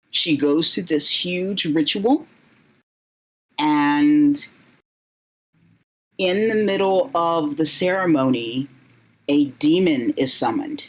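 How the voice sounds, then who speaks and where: A woman narrating a story as she recounts a vision, halting and searching for words as she goes. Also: low voice, poor audio. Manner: halting, many fillers and restarts.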